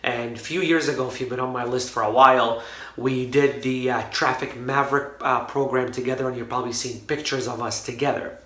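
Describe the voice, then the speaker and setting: A man speaks to his viewers from his office in a loose, rambling way, full of fillers and restarts. His voice is bright and forward. The room adds a noticeable echo around him. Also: medium pitch, fairly even intonation, a little fast. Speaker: online marketing vlogger. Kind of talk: casual vlog talk to camera. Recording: roomy echo.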